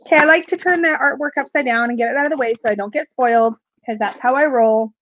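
High-voiced chatty woman with a cough. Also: fast talker, a bit bright, no echo, lo-fi sound. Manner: rambling, chatty, laughs often, reads viewer comments aloud. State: has a cough, sucking cough drops. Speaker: tarot video creator doing a live unboxing. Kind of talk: casual live-stream chat.

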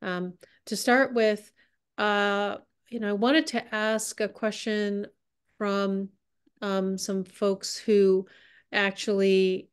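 A woman's voice: medium pitch, little pitch movement, takes it slowly, clean tone. A woman moderating a webinar Q and A, friendly and full of fillers as she reads out questions. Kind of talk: hosting a Q and A.

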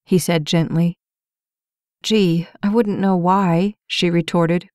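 A woman narrating a romance audiobook in an even, measured storytelling voice. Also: on the low side, clear, resonant tone, no echo, studio quality. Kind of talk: scripted narration.

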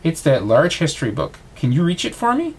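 A man reading aloud, voicing a kind, bookish young woman heroine in a bedtime storybook with a husky voice. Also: on the high side, wildly swooping pitch, a little fast, pitched above the performer's own voice, full character voice. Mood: cheerful.

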